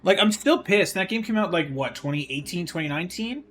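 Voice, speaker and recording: A man's voice: sits high, lively intonation, brisk, a bit bright. Profane ranting man streaming. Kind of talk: casual livestream chat while gaming.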